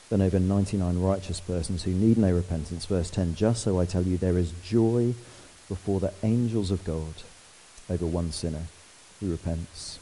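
A man preaching a sermon, lively and conversational, asking the congregation questions. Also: deep voice, a little hiss or hum, low-quality recording.

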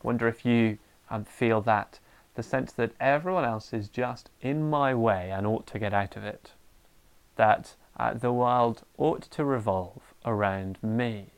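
A middle-aged man preaching a sermon, animated and lively, sometimes acting out a ranting parent. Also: medium pitch, measured pace, smooth.

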